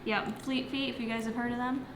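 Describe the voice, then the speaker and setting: Fairly high-pitched and a little fast, with a flat delivery, a young woman fitness coach chats on a livestream from her home near the kitchen. She eats while answering viewer questions, filler-heavy, in an echoey room with a little hiss or hum.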